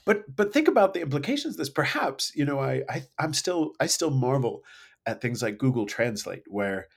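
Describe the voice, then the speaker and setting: A man co-hosting a podcast, talking in casual chat, animated and hesitant, often restarting his sentences. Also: mid-range voice, normal speed, creaky. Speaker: podcast co-host. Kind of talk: casual conversation.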